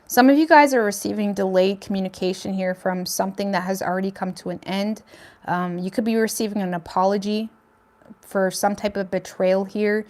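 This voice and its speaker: Chatty woman giving a tarot reading. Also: mid-range voice. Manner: chatty, hedging with "I feel like", addressing viewers directly. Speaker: tarot reader. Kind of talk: casual tarot reading monologue.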